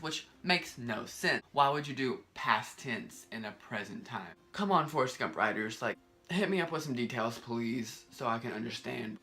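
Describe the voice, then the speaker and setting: Young male vlogger, bright tone, animated and exasperated, rambling, faint music under the voice. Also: mid-range voice, normal speed. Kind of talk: casual vlog countdown.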